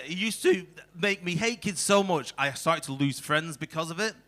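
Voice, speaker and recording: High, bright-voiced swearing stand-up man. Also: expressive, normal speed, hardly any pauses. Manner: crude, swears freely, acts out shouty quotes. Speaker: stand-up comedian. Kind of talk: stand-up set. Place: comedy club stage. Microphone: handheld stage mic.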